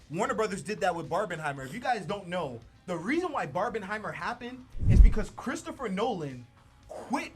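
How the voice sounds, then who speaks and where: A man co-hosting a podcast, talking in a casual, opinionated, slangy way. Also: high-pitched. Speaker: podcast co-host. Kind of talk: casual pop-culture chat.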